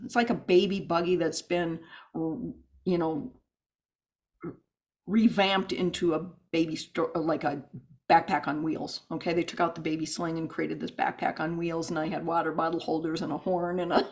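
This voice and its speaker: A woman telling stories as a podcast guest, animated and rambling with restarts and asides. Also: on the low side, moderate pace. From United States. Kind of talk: podcast interview storytelling.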